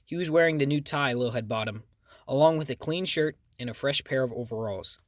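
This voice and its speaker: Male audiobook narrator, mid pitch, dead-dry booth sound. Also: brisk, no echo. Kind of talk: first-person audiobook narration.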